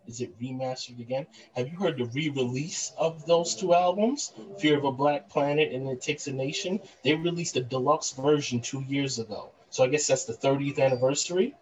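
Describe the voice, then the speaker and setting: A man who is a guest in a casual online hip-hop chat, talking enthusiastically in quick bursts. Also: medium pitch, a little mellow, low-quality recording.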